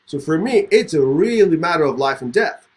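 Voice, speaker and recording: A man's voice: a little high, normal speed. A man, a podcast host telling a personal story in casual conversation and acting out the voices in it. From Middle East. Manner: animated, acts out both sides of a story.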